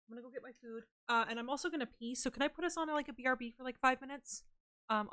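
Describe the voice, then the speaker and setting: Young woman streamer, bright tone, loose rambling chat. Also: on the high side, fairly even intonation, rapid-fire. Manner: rambling, playful storytelling. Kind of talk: casual live-stream chat.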